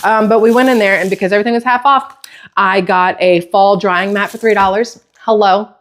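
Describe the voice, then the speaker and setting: A woman's voice: mid-range voice, steady tone, fairly quick. A middle-aged woman vlogging casually from her home kitchen, rambling off on tangents and swearing lightly. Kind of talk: casual chatty vlog.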